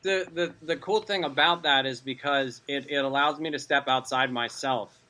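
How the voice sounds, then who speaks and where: A man's voice: mid-range voice, fairly even intonation, normal speed, sharp tone, rough recording. A man in a casual podcast group chat, talking in a rambling way with many fillers.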